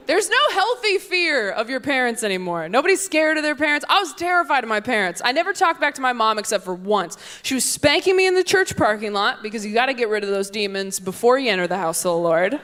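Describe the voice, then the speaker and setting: A young woman in her twenties performing a stand-up routine in a quick, deadpan way on a stage mic, with her voice jumping high for the lines she acts out. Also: a faint crowd. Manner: quick deadpan delivery, high-pitched voice for acted quotes. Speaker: stand-up comedian. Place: comedy stage before a live audience. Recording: noisy live room with audience.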